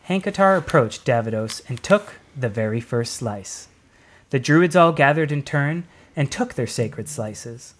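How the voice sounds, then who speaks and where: A man narrating a story in a plain, even storytelling delivery. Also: medium pitch, a little slow.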